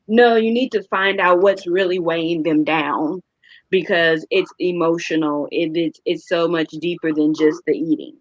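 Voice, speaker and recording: Woman panelist, lowish voice, blunt advice, muffled call audio. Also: steady tone, moderate pace, no room sound. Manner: frank and emphatic, acts out quotes. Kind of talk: casual panel chat on a video call.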